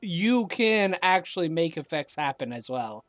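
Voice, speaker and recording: A game master narrating a tabletop role-play game and chatting in a slow, halting way, laughing often. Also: medium pitch, sing-song, a bit bright, no room sound.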